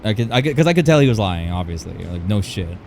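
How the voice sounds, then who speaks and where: A man's voice: lowish voice, sing-song, fast, darkish tone, slight background noise. A young man livestreaming, telling a personal story in a casual, rambling way, often restarting and correcting himself.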